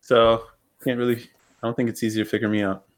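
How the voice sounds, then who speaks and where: A man's voice: medium pitch, level tone, fast. A man hosting a podcast, telling stories in a loose, rambling, profane way with lots of fillers. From upstate New York. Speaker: podcast host. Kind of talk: casual chat.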